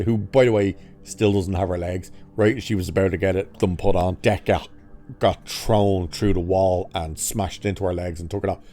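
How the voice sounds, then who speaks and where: A man's voice: low-pitched, darkish tone. A man casually recapping a film's plot as a reviewer, sarcastic, swearing, and mocking scenes with exaggerated quoted lines. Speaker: movie reviewer.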